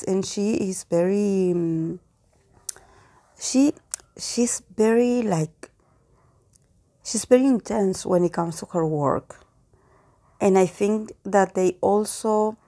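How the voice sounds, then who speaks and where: A tarot reader, a woman with a mellow, medium-pitched voice, delivers a casual monologue while reading cards. She muses aloud and hesitates often, saying "like" and "I don't know why" a lot.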